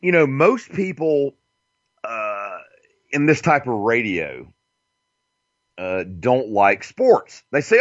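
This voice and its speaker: A man's voice: mid-range voice, sing-song, slow pace, pauses often, no room sound, lo-fi sound. A man hosting a casual internet radio show, rambling and profane, with frequent fillers and chuckles.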